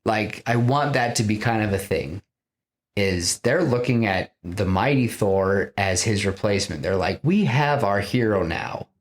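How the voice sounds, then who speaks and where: A man hosting a podcast, casually pitching a story in an animated, rambling way with lots of fillers. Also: a little slow. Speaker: podcast host.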